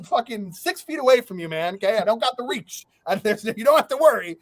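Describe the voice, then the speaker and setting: Brief: male podcast host, younger adult, lively storyteller with a slightly raised pitch, dry close mic. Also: fast talker, hardly any pauses, dry recording. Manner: animated, laughs through his stories, swears freely. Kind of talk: casual storytelling chat.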